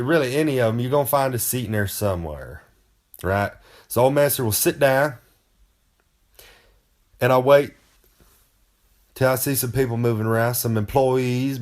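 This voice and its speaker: A man giving a comic, boastful monologue. He rambles in a folksy way and talks about himself in the third person. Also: medium pitch. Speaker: wrestler giving comic advice.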